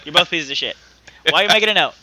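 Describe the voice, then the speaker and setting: A man's voice: on the high side, rapid-fire, noisy background. A man co-hosting a casual comedy podcast over a call, telling jokes in an exasperated, profane way. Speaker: podcast co-host. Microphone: remote call mic.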